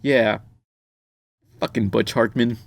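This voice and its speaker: A man's voice: medium pitch, fairly even intonation, slow pace, vocal fry. Man ranting casually on a podcast. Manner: profane, rambling, frequent fillers and restarts. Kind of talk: casual group podcast chat.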